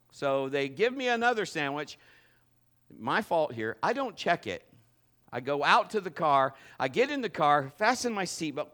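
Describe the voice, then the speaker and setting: A middle-aged man preaching a sermon, telling a funny story and acting it out in a lively way. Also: fairly high pitch, moderate pace. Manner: animated, acts out the story. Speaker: pastor.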